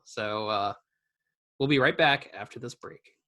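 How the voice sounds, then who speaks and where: A man hosting a casual podcast chat over a video call, halting with many fillers. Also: medium pitch, sharp tone, a little hiss or hum. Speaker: podcast host.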